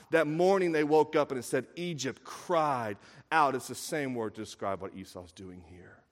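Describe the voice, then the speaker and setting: A man preaching a sermon, retelling a story with lively acted quotes and building to emphatic peaks. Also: medium pitch, normal speed. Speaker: pastor. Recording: long hall reverb.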